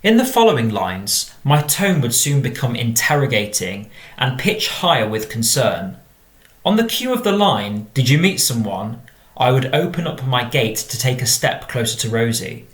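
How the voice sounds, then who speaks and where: A man's voice: medium pitch, sing-song. English male drama teacher, echoey room. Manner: measured, explanatory reading tone. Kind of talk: reading and explaining model exam answers.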